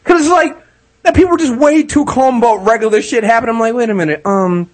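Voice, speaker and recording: A man's voice: very high voice, quick pace. A man co-hosting a comedy podcast, telling stories in a profane, casual way with many restarts. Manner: profane, storytelling, frequent restarts. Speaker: podcast co-host.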